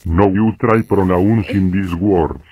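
A man voicing a talking vowel who teaches a lesson in scripted educational narration, with a steady explaining tone, heard as lo-fi audio played from a video. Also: low-pitched, unhurried. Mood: patient. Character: talking vowel named Ozone, a calm teacher.

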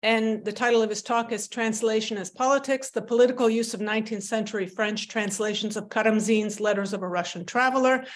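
Woman hosting an online seminar. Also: medium pitch. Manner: casual, with frequent ums. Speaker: seminar host. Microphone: video call.

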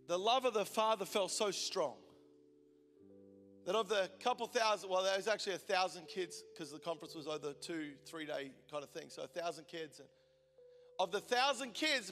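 A man in his forties preaching a sermon, telling stories with passion and swinging from loud intensity to hushed tones. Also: sits high. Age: 40s. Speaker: pastor. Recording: long hall reverb, faint music behind.

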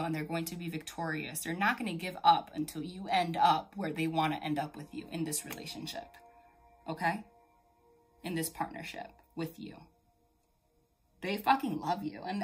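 Chatty low-voiced woman reading tarot. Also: a bit bright. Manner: chatty, emphatic, swears casually, talks straight to the viewer. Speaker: tarot reader. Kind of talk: casual tarot reading to camera.

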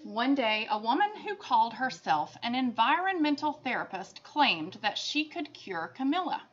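Expressive teacher reading a picture book. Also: female voice, a little high, normal speed. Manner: expressive, chatty asides to children. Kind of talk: picture book read-aloud for children. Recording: dull lo-fi sound.

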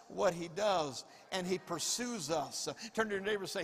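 This pastor's high-pitched voice is expressive, a bit bright and slightly rough, moving at normal speed with few pauses. He preaches emphatically and repetitively, drawing call-and-response from the congregation. The church sanctuary gives it a long hall reverb.

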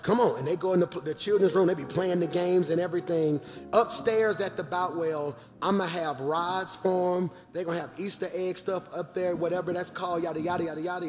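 A man, a pastor making lively announcements to his congregation from the pulpit. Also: sits high, long reverb tail. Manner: animated, calls out to the congregation. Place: large church auditorium.

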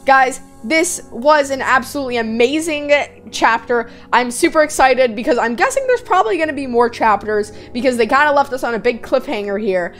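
A young adult woman gives excitable, slangy commentary on a game she is playing. Her fairly high voice swoops through a lively range, with faint game music playing underneath. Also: a little fast, hardly any pauses. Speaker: gaming YouTuber.

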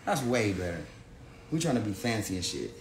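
An American man with a lowish, sing-song voice rants fairly quickly on a casual phone livestream, rambling through slang, profanity and restarts. He says he is high, and he's streaming from an indoor room with a big screen.

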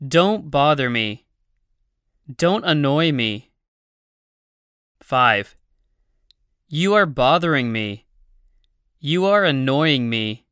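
Brief: language-course narrator, very slow, bright and crisp, dry studio sound, deliberate drill reading. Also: medium pitch, no echo. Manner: deliberate, evenly paced reading of numbered phrases. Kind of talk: slow scripted phrase drill.

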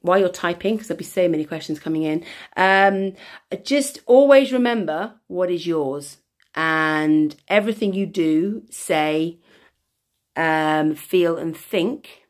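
Lady coach guiding breathing then rambling chat w viewers, lowish voice, lots of um and restarts. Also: animated. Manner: chatty, rambling, many restarts and fillers; soft, slow guided-breathing voice. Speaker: wellbeing coach. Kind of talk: live session with breathing exercise and viewer questions.

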